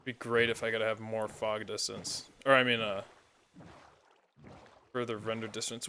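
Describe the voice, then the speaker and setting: A man's voice: lowish voice, little pitch movement, moderate pace, bright, forceful tone, slight background noise. A man chatting casually while playing a building game, rambling through side stories with plenty of fillers. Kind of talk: casual gameplay chat.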